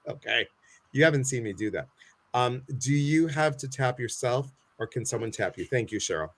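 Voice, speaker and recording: A man's voice: mid-range voice, lively intonation, moderate pace, a bit bright. An American man hosting a casual live chat, playful and talkative, reading viewer comments aloud to his guest. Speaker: host.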